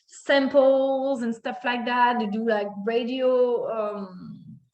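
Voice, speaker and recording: A woman's voice: fairly high pitch, steady tone, takes it slowly, a little mellow, highs cut off. A woman in her thirties telling a personal story in a monologue, acting out her own reactions with many fillers. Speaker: spiritual content creator. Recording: echoey room.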